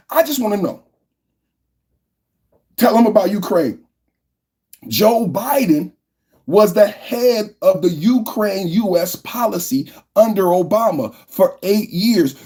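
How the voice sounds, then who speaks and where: Man, podcast host, political rant, husky, profane, loud outbursts. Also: high-pitched. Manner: heated, profane, ranting, repetitive, building to shouting.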